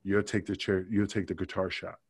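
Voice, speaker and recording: This podcast guest speaks briskly in a low, slightly rough voice, captured in a dry recording. He's relaxed and animated while sharing a backstage story, performing other people's quotes complete with cursing.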